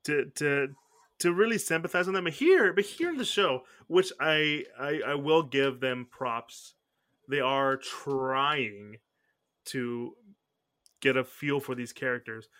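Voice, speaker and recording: Slow and mid-range, with a pushed, bright sound, a male podcast host chats informally, wandering off track and self-correcting with frequent restarts.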